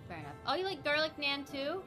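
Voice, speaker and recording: A woman's voice: high-pitched, sing-song, quick pace. A young woman streamer giving casual, frustrated gameplay commentary, swearing and talking to her chat. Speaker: gaming streamer. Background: game music.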